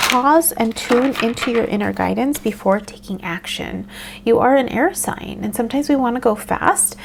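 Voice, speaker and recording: A woman giving a casual tarot reading, talking in a meandering way with frequent ums and soft laughs. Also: mid-range voice, vocal fry, background noise. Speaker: tarot reader.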